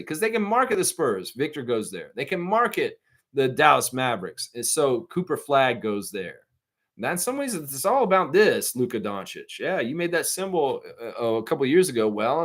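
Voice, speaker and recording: A man with a Southern accent hosting a casual live stream, rambling animatedly while reading and answering viewer comments. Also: on the high side. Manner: animated, rambling, quotes imagined voices. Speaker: livestream host.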